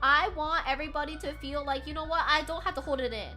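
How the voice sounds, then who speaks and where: A woman streamer chatting casually with her viewers from a room at home while doing crafts, animated and swearing freely as she reacts loudly to chat. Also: high voice, quick pace, faint music behind.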